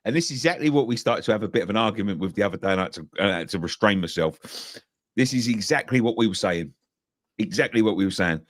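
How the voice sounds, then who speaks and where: A man's voice: fairly low pitch, animated, fast talker, no room sound, studio quality. A man co-hosting a football fan show, making his points emphatically and repeating himself for stress. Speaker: fan channel co-host. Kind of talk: casual football opinion chat.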